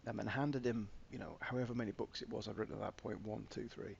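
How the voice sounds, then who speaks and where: A man's voice: fairly low pitch, fairly even intonation, fast talker, creaky, darkish tone, lo-fi sound, a little hiss or hum. A man, an author, talking frankly and self-deprecatingly in a casual podcast chat, with stammering restarts.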